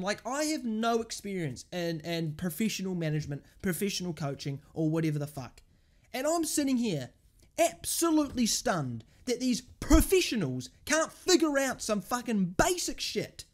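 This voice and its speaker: A woman fan tears into her team's management in an angry, swearing rant. Her voice sits a little high for a woman and swings widely up and down as she goes from stunned disbelief to shouting. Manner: exasperated, swearing, ranting. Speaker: football fan channel host.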